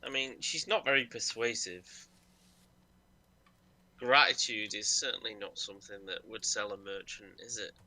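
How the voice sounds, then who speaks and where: A man playing a tabletop role-playing game, talking things through in a relaxed way with fillers. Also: on the low side, normal speed, low-quality recording. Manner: relaxed, thinks aloud with fillers. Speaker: player. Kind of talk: casual tabletop game play.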